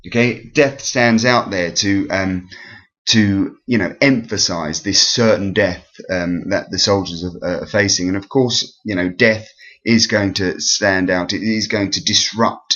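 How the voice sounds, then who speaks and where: A man's voice: low voice, a little slow, a bit bright. A man giving a recorded revision lesson over slides, explaining step by step with frequent ums and self-corrections. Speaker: teacher. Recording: dull lo-fi recording.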